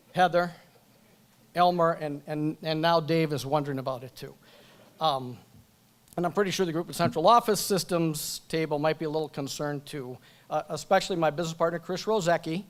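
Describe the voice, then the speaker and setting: A man giving a joking, chatty acceptance speech at a banquet event, talking into a microphone and going off script. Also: a little high. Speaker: award recipient.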